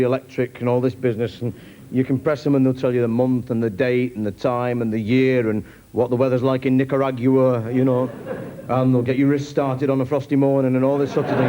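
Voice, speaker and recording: A male stand-up comedian telling a rambling, wry anecdote at a mid-range pitch. He talks in an easy, storytelling way with asides and repeats. There is steady hiss from an old TV recording. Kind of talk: stand-up routine.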